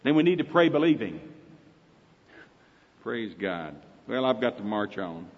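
A man's voice: medium pitch, very animated, a little slow. A man with an Oklahoma accent preaching a sermon in a folksy, emphatic way, quoting scripture often. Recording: dull recording with long hall reverb.

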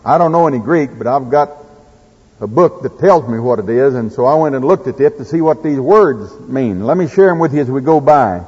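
A man's voice: mid-range voice, animated, a little fast, a little mellow, husky. A man with an Oklahoma accent preaching a sermon in a folksy way, telling farm stories and reading scripture. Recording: echoey hall, dull lo-fi sound.

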